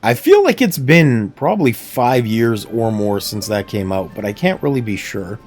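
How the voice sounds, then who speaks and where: A man's voice: medium pitch, sing-song, moderate pace, darkish tone, faint music behind. A man casually chatting and rambling as he streams a video game from a room at home, laughing often. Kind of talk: casual livestream chat. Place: home room near plumbing. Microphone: desk microphone.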